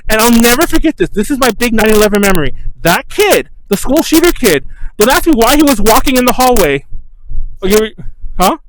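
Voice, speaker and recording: Podcast co-host man, rambling chatty storyteller, high lively voice, fast talker, faint hiss. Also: rough recording. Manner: rambling storyteller, many restarts and fillers. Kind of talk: casual chat.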